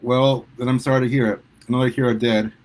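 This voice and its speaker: A man voicing a warm, fretful middle-aged mother, affectionate and teary. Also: mid-range voice, little pitch movement, fast, natural voice, poor audio. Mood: tender, sad.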